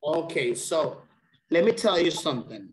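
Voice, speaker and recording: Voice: mid-range voice, very animated, normal speed, roomy sound, a little hiss or hum, rough recording. An English teacher giving a one-on-one lesson over a video call, checking often that the student understands.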